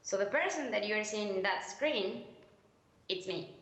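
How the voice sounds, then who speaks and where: A woman's voice: medium pitch, a little slow. Mexican woman on a video call, echoey hall. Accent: Mexican Spanish. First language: Spanish. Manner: calm, vivid, leads listeners through imagined scenes. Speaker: invited speaker and researcher. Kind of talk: guided storytelling talk. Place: played over speakers in a large hall.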